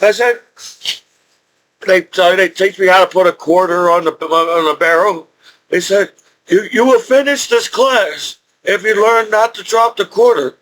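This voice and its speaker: A man with a high-pitched voice rambles through his stories in casual vlog talk. He repeats phrases, restarts his sentences, and gets excitable. He sounds middle-aged. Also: a little slow, poor audio. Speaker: vlogger telling stories.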